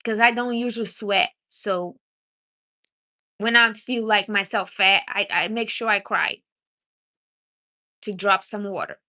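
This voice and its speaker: Bright-voiced woman giving blunt advice. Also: medium pitch, unhurried, long pauses. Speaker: livestream host. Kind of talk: casual livestream chat.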